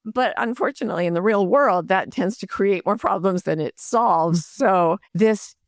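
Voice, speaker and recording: An older woman, a life coach and author, speaking as a guest in a podcast interview, explaining calmly and gently, sometimes softly voicing kind self-talk. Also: medium pitch, normal speed, no echo, clean studio sound. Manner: warm, gentle explanations with soft spoken self-talk asides.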